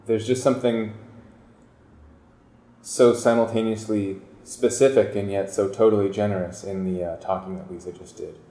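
Low, mellow man in an echoey room. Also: fairly even intonation, moderate pace. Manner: searching, thoughtful phrasing. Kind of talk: reflective casual discussion.

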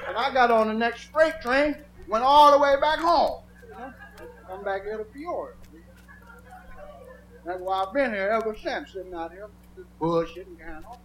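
An older man telling rambling, profane stories, laughing and swinging from mutters to shouts. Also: high-pitched, normal speed, noisy background. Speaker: storyteller. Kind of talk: profane anecdotal storytelling. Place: outdoors.

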